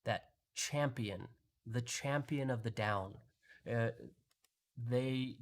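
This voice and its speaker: A man's voice: medium pitch, slow pace. A man hosting a live market analysis, talking through charts in a conversational way with frequent restarts. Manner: conversational, explaining with pointing phrases and restarts. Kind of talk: live trading chart walkthrough.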